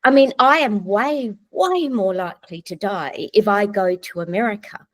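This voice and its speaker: A middle-aged woman with an Australian accent talks in a relaxed, conversational way. She tells stories with easy laughter and plenty of self-corrections. Her voice sits at an ordinary pitch for a woman. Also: normal speed, rough recording. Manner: chatty storyteller, laughs often, frequent restarts. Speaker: guest, psychiatrist. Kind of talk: casual conversational interview.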